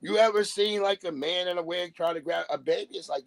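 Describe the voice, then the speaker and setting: A man's voice: high voice, fairly quick, gravelly, dry recording, poor audio. A man on a live stream, ranting bluntly in casual talk and acting out the voices of people he quotes. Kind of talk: casual profane rant.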